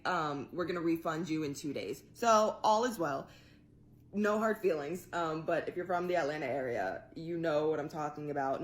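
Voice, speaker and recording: A woman telling a personal story to camera in an animated, profane way, laughing along as she goes. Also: sits low. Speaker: guest storyteller.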